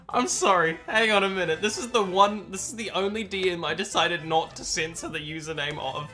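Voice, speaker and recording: A young woman from New Zealand with a New Zealand accent, streaming and reacting to messages with sarcastic, mock-outraged commentary and deadpan asides. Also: medium pitch, moderate pace, few pauses, soft background music.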